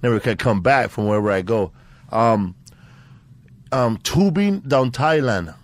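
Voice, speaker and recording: A man hosting a laid-back podcast, his ordinary mid-pitched voice recorded completely dry and close. He rambles, stumbles over repeated words and peppers his talk with "bro" and "man". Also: animated, measured pace, dry recording. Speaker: podcast host. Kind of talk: casual chat.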